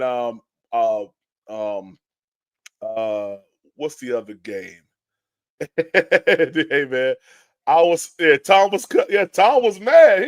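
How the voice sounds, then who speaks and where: A man hosting a fan podcast, telling stories in a lively, casual way with many restarts and greeting chat viewers. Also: mid-range voice, clear, resonant tone, no echo, studio quality. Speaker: podcast host. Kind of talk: casual live-stream chat.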